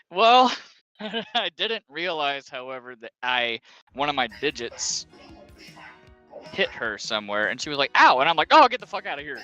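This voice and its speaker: Bright-voiced man telling crude stories. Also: medium pitch, lively intonation, slow, long pauses, faint music behind. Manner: crude, laughing storyteller. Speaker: streamer host. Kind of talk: casual chat while gaming.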